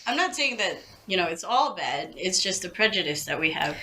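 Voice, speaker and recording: A woman co-hosting a casual podcast chat, animated and jokey, slipping into mock voices. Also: on the low side, fairly quick, slight background noise. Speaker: podcast co-host.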